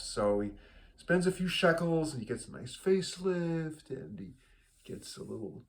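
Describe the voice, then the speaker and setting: A man's voice: a little high, expressive, a little slow, creaky. A man telling a long joke in an easygoing, rambling way, with fillers and restarts. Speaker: joke teller. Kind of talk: told joke, casual storytelling.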